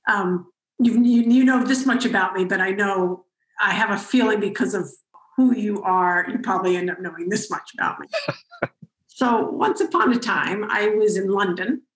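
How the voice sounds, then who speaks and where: Animated woman host in an echoey room. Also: medium pitch, normal speed. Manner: animated, with frequent restarts. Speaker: podcast host. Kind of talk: conversational storytelling.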